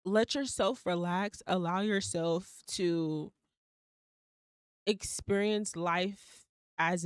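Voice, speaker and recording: A young adult woman hosting a casual solo podcast, blunt and animated, swearing freely as she talks herself through things. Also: lowish voice, clear, resonant tone, no room sound, clean studio sound. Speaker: podcast host.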